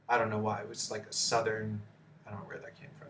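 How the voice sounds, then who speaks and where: A man's voice: on the low side, completely flat delivery, quick pace, fairly bright tone. A man hosting his own channel, delivering heated, profane commentary on news articles with blunt asides. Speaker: video host. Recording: echoey room.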